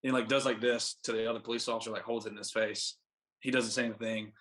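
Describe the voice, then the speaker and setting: A man's voice: fairly low pitch, little pitch movement, fast, a bit bright. Laid-back young man, rambling story. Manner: rambling, laid-back, heavy use of "like" fillers. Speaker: podcast guest, baseball pitcher. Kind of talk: casual storytelling.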